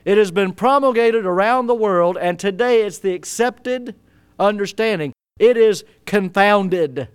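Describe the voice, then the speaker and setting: High, resonant preacher man, fiery. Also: clean tone, no echo. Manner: dramatic swings between loud exhortation and quiet asides. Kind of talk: sermon.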